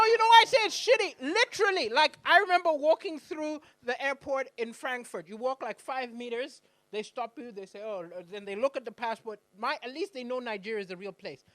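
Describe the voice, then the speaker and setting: Stand-up comic from Malawi, high bright voice, animated storyteller on a club stage. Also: male voice, dry recording. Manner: animated storytelling, acts out shouting characters. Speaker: stand-up comedian. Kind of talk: stand-up comedy set.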